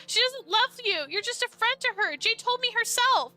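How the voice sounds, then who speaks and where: A woman's voice: extremely high pitch, expressive, normal speed, pushed and bright, faint music behind, voice pushed up, heavily acted. A woman voicing a tearful, lovesick young woman in a dating game, pleading and emotional. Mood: upset.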